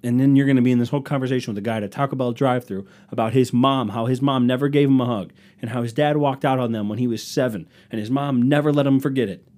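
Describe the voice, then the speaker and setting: A man's voice: mid-range voice, fairly even intonation, fast, few pauses, darkish tone. A young man hosting his own podcast, ranting sarcastically about rude customers and mocking them in put-on voices. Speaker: podcast host. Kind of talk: solo comedic podcast rant.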